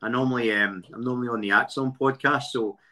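A man's voice: mid-range voice, fairly even intonation, fast, bright, forceful tone. A man, a podcast guest who chats in a jokey, upbeat way. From Glasgow, Scotland. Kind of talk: casual podcast chat.

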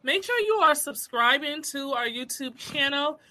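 A woman's voice: high voice, lively intonation, normal speed, bright, forceful tone. A woman co-hosting a casual online show, signing off and plugging her next episode. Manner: laughing, brief agreeing asides. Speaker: show host. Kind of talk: casual livestream chat.

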